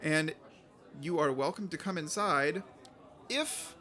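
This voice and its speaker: Upbeat, slightly nasal podcast co-host. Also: male voice, on the high side, takes it slowly, sharp tone. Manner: jokey, self-deprecating, with frequent fillers. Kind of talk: casual podcast chat.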